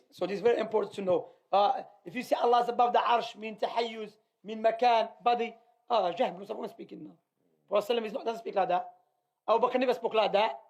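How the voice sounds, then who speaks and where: High-voiced emphatic male teacher. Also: darkish tone. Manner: emphatic, repeats points, asks rhetorical questions. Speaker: teacher leading a religious class. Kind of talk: emphatic lecture commentary.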